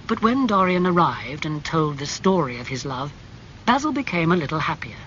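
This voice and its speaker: A man narrating a classic novel as an audiobook, in a clear, measured storytelling manner. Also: on the high side, sing-song, a bit bright. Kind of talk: audiobook reading of a graded classic. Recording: slightly muffled with faint hum.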